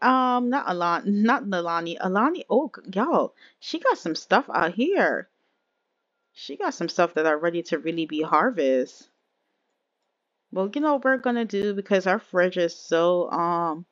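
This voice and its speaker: A game streamer with a lowish voice gives casual, chatty let's-play commentary on a life-simulation game, speaking straight to her viewers and calling them y'all. The recording is lo-fi with no echo.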